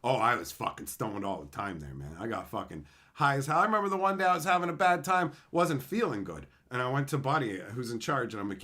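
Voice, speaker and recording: A man on a live stream, swapping stories with his viewers in a blunt, foul-mouthed way. His voice is bright and forward, and his pitch jumps around a lot. He laughs easily as he acts out the people in his stories. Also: animated, fast talker, hardly any pauses. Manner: profane, blunt, laughing storyteller who acts out quoted people. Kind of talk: casual live-stream chat, storytelling.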